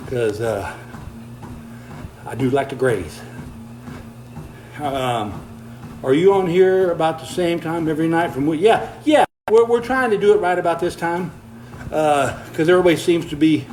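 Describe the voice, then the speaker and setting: A man's voice: on the high side, animated, moderate pace, darkish tone, a little hiss or hum, low-quality recording. An older man, chatting casually on a livestream, reading viewer comments while walking on a treadmill, folksy and easygoing, slightly out of breath. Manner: folksy, easygoing, chuckles often.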